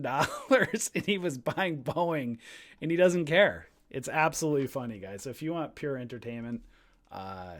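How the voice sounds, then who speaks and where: A man casually hosting a live stock-trading stream, chatty and jokey, rambling as he talks. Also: on the high side.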